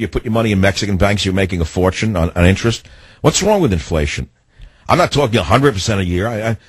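Ranting husky-voiced radio host man. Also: lowish voice, no echo. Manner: indignant, ranting opinions. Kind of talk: call-in radio talk and monologue.

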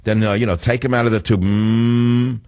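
A man's voice: medium pitch, steady tone, moderate pace, darkish tone, no echo. An older man hosting a talk radio show, delivering a rambling, sarcastic monologue with frequent restarts and self-corrections.

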